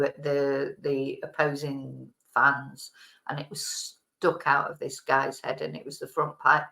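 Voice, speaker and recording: A woman with a faded Manchester accent talks in a casual, rambling way, often stopping to correct herself. Her voice sits low for a woman. She laughs easily as she chats to her viewers. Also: bright, forceful tone. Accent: Mancunian, softened. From Manchester, England. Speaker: vlogger. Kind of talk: casual chat. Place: home, lives in Spain.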